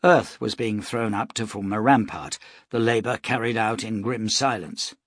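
A man narrates an audiobook with steady, measured pacing. His voice is somewhat low and husky. It is a dry, close recording with no room sound. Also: no echo.

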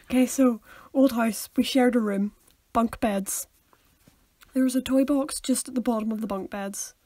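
Young female podcast co-host, high-pitched, chatty and teasing. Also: normal speed, dark tone, no room sound. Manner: chatty, sets scenes and teases, laughing often. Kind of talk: casual chat.

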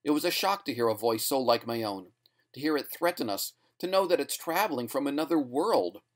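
Frightened male ventriloquist, pleading, strained, higher-pitched, as a male narrator puts him on. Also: expressive, brisk, close to an everyday voice. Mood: tense. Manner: pleading, strained, rising to screams.

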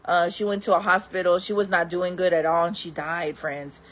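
A woman vlogger telling wild stories in casual talk, laughing often, calling her viewers friends and acting out other people in loud voices. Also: fairly low pitch, little pitch movement, moderate pace. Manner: acts out quoted people in loud raised voices.

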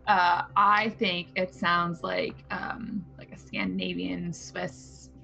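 A woman playing a tabletop game, casual with wry, quick retorts. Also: lowish voice, flat delivery, creaky, pushed and bright. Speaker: player. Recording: dull lo-fi sound with faint music.

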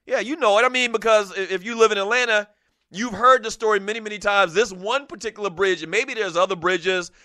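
Bright-voiced, animated sports talk host. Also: male voice, high voice, brisk, dry recording, studio quality. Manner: animated, laughs often, reads listener messages aloud. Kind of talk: casual sports talk radio chat.

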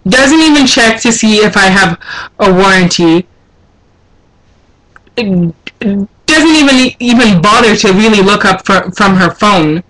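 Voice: medium pitch, animated, unhurried, long pauses, fairly bright tone, low-quality recording. A young adult vlogger complaining in an indignant, exasperated casual rant. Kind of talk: casual ranting vlog.

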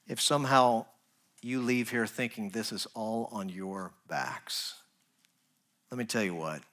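A man preaching a sermon as pastor, earnest, rising to emphatic points and dropping to soft, quiet asides. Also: medium pitch. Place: church.

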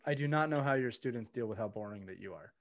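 A man hosting a relaxed podcast chat, speaking at an ordinary middle pitch. He jokes with his guest, then turns earnest and encouraging, his talk loose and full of fillers. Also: fast, very noisy. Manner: teasing, encouraging, filler-heavy. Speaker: podcast host.

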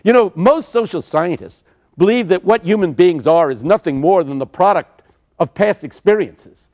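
An older man preaching a sermon, telling stories dramatically with sudden shouts. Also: high voice, expressive, normal speed. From United States.

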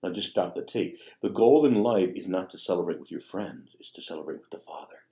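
A male priest preaches in a low, warm voice that rises and falls with lots of animation. He talks conversationally and checks in with asides. His sermon rings out through an echoey church. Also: expressive, brisk. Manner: conversational, rhetorical asides like "see?". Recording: echoey room.

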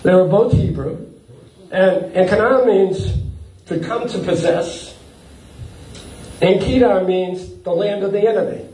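A man preaching a sermon as a pastor, animated, chuckling often and breaking up his sentences with uh and repeats. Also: high-pitched, measured pace, long pauses, a little hiss or hum. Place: church hall. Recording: echoey hall, from far off.

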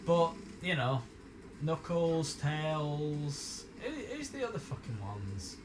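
Sweary excitable man streaming. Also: a little high, slow pace, background noise. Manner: sweary, excitable, laughs often. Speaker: streamer playing the game. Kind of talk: casual live-stream chat.

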